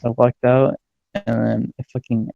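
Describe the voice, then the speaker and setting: A young man, a podcast co-host, telling a story in casual chat, excitable and swearing a lot, laughing as he goes. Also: mid-range voice, a little slow, vocal fry, no room sound, highs cut off. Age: young adult.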